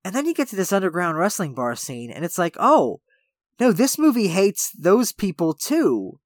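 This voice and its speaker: A podcast co-host talking through a movie in animated, rambling casual chat, leaning on "like" while building an argument. The voice sits close on a very dry mic. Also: mid-range voice, moderate pace, no echo. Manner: animated storytelling, heavy use of "like".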